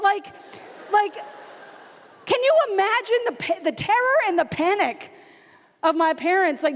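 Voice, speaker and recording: A young woman from the American South giving an animated storytelling talk at a youth conference, acting out her family members as she goes. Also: high voice. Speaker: conference speaker. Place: large conference hall. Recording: long hall reverb.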